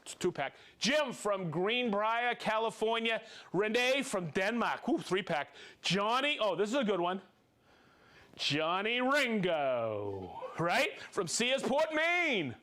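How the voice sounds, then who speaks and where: A man's voice: high-pitched, animated, sharp tone, a little hiss or hum. A man hosting a live stream, reading out viewers' names and hometowns in an upbeat, playful way. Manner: upbeat, playful, reads names and places quickly. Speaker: host.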